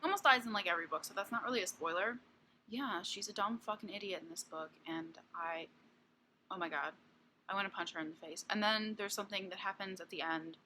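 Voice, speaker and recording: A woman's voice: mid-range voice, a little fast, sharp tone, slight background noise. A woman in her twenties giving a casual book review vlog, blunt and candid, swearing freely and peppering her talk with fillers. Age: 20s.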